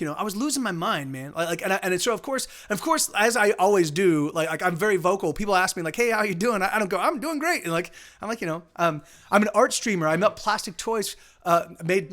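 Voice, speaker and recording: A man's voice: sits high, a bit bright. A man musician chatting casually on his live stream, rambling with many restarts, cursing and greeting viewers. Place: home streaming setup in Austin.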